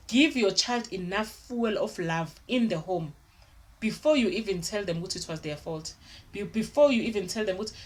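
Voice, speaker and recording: A woman's voice: medium pitch, lively intonation, moderate pace. A young woman giving parenting advice in an earnest, repetitive way, often restarting her sentences. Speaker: parenting vlogger. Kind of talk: casual advice talk to camera.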